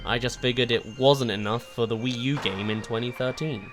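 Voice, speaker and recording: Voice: mid-range voice, fairly even intonation, normal speed, over music. A game reviewer giving a rambling, exasperated video review, full of rhetorical questions.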